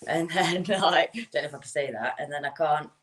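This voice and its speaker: A woman's voice: low-pitched, fairly quick. A woman who works as a bricklayer, a guest on a talk show, speaking bluntly and laughing as she tells stories. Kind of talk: casual chat.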